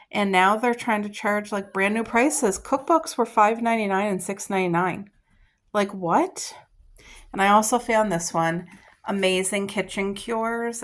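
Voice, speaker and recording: A woman vlogger chatting casually to the camera, gushing and enthusiastic about her finds and her garden. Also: medium pitch. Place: garden outdoors.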